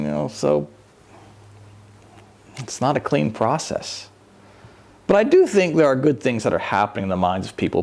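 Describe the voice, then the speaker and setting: A man giving a conversational, animated sermon as a church minister, with self-mocking humor. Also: medium pitch, gravelly.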